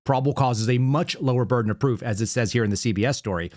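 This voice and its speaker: A man in his thirties hosting a political commentary show, sarcastic and animated as he tells stories and reacts to news clips. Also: medium pitch, very fast. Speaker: podcast host.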